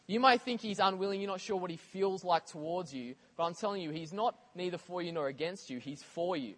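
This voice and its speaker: A man preaching a sermon in a conversational, animated way, with casual asides to the congregation. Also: sits high, a little fast.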